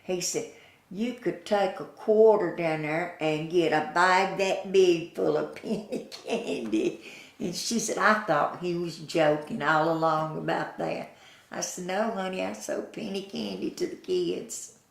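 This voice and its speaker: An older woman with a Southern US accent tells folksy stories in an oral history interview, slow and chuckling as she acts out quoted voices. Her voice is low and creaky, and the recording is reverberant.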